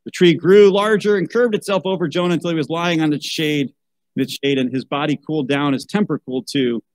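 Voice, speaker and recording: A man's voice: on the high side, fairly even intonation, brisk, no room sound, low-quality recording. A man reading a children's Bible story aloud, breaking off for wry asides and a rant about how such books should be chosen. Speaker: podcast host.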